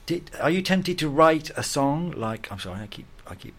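A man's voice: on the high side, very animated, moderate pace. A man hosting a casual interview, talking in a rambling, chatty way with lots of fillers. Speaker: radio host.

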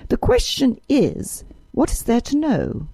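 Audiobook role: a woman doing a dry, scolding old aunt, higher than the narration, drawn-out and pointed. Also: wildly swooping pitch, creaky, warm tone, husky, no echo, heavily acted. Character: sharp-tongued older aunt, dry and pettish. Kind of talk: audiobook character reading.

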